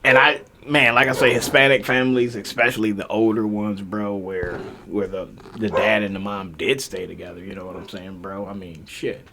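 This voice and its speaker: A man's voice: on the low side, steady tone, normal speed, few pauses, very noisy. A man co-hosting a podcast, talking in a laid-back, slangy casual chat. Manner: laid-back, slangy, says "bro" a lot. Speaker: podcast co-host.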